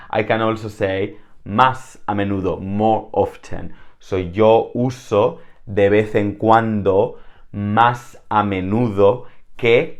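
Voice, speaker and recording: A man from Spain with a Spanish accent, teaching an online language lesson. He speaks slowly and deliberately, in a fairly low voice. He chats casually and repeats example words.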